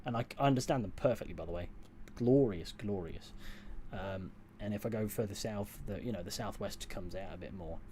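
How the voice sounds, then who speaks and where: Fast, with hardly any pauses, this fairly low, darkish male voice comes with a little hiss or hum. The streamer, from southwest England, speaks mostly received pronunciation with West Country and Northern touches, rambling as he answers viewer questions, self-correcting and chuckling often.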